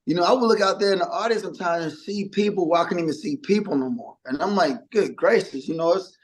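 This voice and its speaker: A man's voice: high voice, fast, low-quality recording. A middle-aged man, a musician being interviewed, telling stories in casual chat and acting out quotes. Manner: animated storyteller, acts out quotes. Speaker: musician guest.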